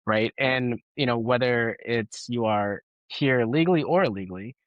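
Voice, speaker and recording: A man who is a guest and former policy official, giving measured, explanatory interview answers and often checking in with "right?". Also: medium pitch, no room sound, dull audio.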